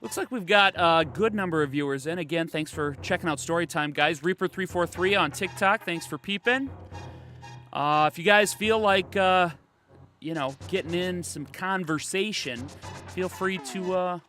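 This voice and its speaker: A man's voice: fairly high pitch, pushed and bright. A man streaming a video game, joking casually and talking to his chat as he plays. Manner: chatty, jokey, talking to chat. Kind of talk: casual gameplay commentary.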